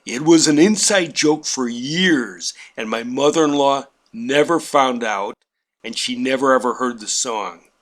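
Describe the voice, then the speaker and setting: A painting instructor tells a comic family story about himself, wry and self-mocking with plenty of exaggeration. His voice sits in the mid-range and he keeps a measured pace.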